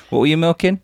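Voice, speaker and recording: A man's voice: on the high side, slightly rough, no echo. A man hosting a casual chat with his young son, teasing and encouraging him and chuckling often. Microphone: handheld microphone passed to child.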